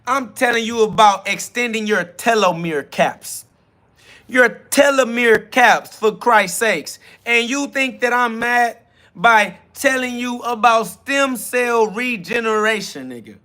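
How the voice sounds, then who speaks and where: A man's voice: extremely high pitch, expressive, slow, bright, forceful tone. A man hosting a spiritual self-talk podcast, delivering a heated, profane monologue aimed at his critics, stretching out key words for emphasis. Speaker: podcast host.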